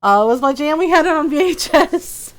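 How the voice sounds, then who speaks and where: A woman streamer chats casually while playing a game. She is bubbly and talkative, often breaking into laughter. Her voice sits slightly high for a woman. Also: lively intonation, brisk. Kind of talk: casual gameplay chat.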